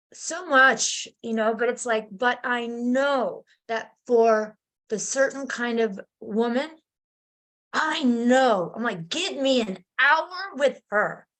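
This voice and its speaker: Animated woman telling a personal story. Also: a little high. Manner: animated, acts out voices in her stories. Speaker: guest. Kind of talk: casual storytelling.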